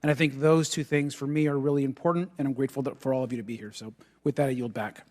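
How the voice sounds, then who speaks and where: A man, a congressman, giving a hesitant, measured closing statement at a hearing. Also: mid-range voice, fairly even intonation, darkish tone, in a large hall. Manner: hesitant, many ums and uhs, measured.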